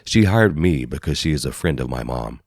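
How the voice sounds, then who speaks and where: Very deep-voiced male audiobook narrator. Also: lively intonation, fairly quick, a little mellow, no room sound. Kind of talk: first-person audiobook narration. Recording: dry studio voice-over.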